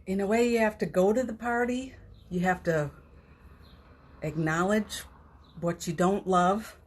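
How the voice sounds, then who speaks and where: A woman hosting a live spiritual talk show, gentle and candid, reading viewer comments aloud and getting teary. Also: medium pitch, unhurried, husky. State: teary, emotional. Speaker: host of a spiritual morning show.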